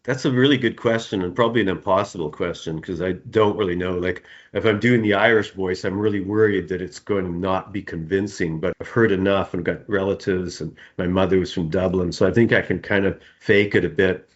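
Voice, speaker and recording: A middle-aged male author answering interview questions in a relaxed, rambling way, often repeating words and laughing. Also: deep voice, brisk, hardly any pauses. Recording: dull, muffled sound.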